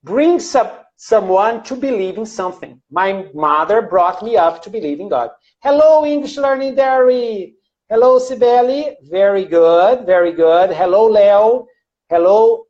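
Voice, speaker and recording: A man's voice: sits high, expressive, unhurried, darkish tone, lo-fi sound. A man from Brazil with a Brazilian Portuguese accent teaching English in a live online class, greeting viewers by name, repeating phrases and using many fillers. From Minas Gerais, Brazil. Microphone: computer mic on a live video stream.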